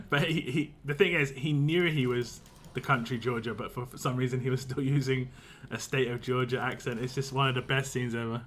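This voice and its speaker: A man's voice: mid-range voice, normal speed, a bit bright, a little hiss or hum. A man, a game streamer, chatting casually and rambling on a live stream, laughing often.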